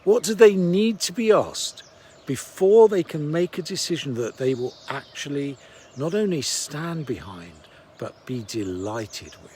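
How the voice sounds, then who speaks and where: A man who coaches sales, giving a reflective storytelling talk in a measured way that trails off softly at the ends of phrases. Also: a little high, big pitch swings, slight background noise.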